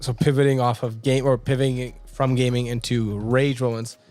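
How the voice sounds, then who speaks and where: A young man co-hosting a podcast, talking casually and swearing a lot as he tells a story in quick bursts. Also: medium pitch, flat delivery, a little mellow, faint music behind. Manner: profane, fast bursts of storytelling. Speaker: podcast co-host. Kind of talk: casual chat.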